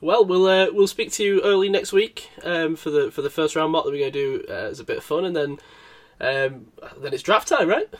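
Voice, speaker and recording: Male podcast host, a bit high-pitched, playful and teasing, casual delivery. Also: lively intonation, a little fast, few pauses. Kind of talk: casual chat.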